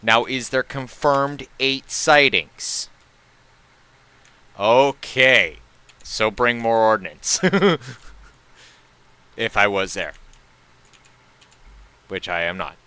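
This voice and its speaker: Male streamer, unhurried, jokey and rambling; bright, clear tone. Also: on the low side. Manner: jokey, rambling, laughs a lot. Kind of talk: casual live-stream chat.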